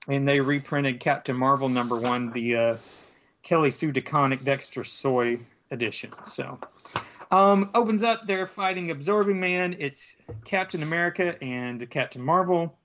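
A man's voice: on the high side, fairly bright tone, slight background noise. Rambling man on a dull, lo-fi recording. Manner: rambling, full of fillers and restarts. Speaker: podcast co-host. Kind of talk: casual chat.

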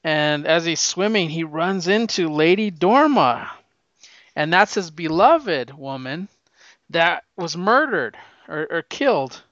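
A man recapping a comic issue in a casual, excited, rambling way, with lots of fillers. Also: a little high, takes it slowly, no room sound, highs cut off. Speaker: comic book reviewer.

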